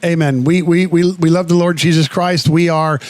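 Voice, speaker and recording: Earnest man with a fairly high voice. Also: steady tone, moderate pace, no room sound. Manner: earnest, rambling, with frequent restarts and blunt swearing. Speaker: radio show co-host. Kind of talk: casual radio chat. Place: Florida radio studio.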